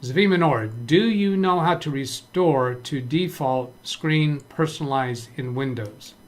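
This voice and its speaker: A man's voice: a little high, a little slow. A man hosting a casual live-stream computer tutorial, thinking aloud as he works, reading chat messages and often restarting his sentences. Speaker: live stream tech trainer. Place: home office with several monitors.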